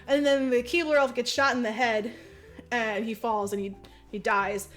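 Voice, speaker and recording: A woman's voice: a little high, fairly even intonation, normal speed, faint music behind. A woman co-hosting a podcast, recapping a movie in casual chat, giggling, swearing freely and acting out the characters' lines. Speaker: podcast co-host.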